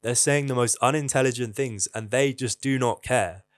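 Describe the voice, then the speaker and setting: A man's voice: mid-range voice, normal speed, no room sound. A young man giving candid, casual advice to camera, swearing freely. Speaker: vlogger.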